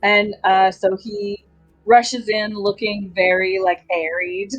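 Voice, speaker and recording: A woman's voice: medium pitch, flat delivery, slow, soft background music. A woman playing a tabletop game, hesitant, with many ums and likes. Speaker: player.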